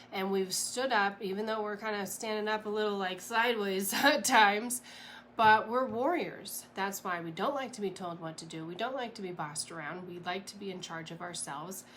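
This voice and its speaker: A woman coach talking casually and candidly to her followers, dropping swear words and little laughs as she goes. Her pitch sits in the middle, and a faint hiss runs under the voice. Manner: candid and plain-spoken, swears freely; animated, with frequent fillers and little laughs. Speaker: health and sugar detox coach. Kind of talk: casual motivational talk.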